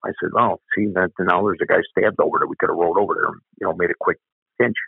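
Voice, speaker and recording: An older retired police officer tells a story bluntly in an interview, swearing now and then. His low, gravelly, husky voice moves fast with fairly even intonation. The line sounds tinny, like a phone, with no room sound.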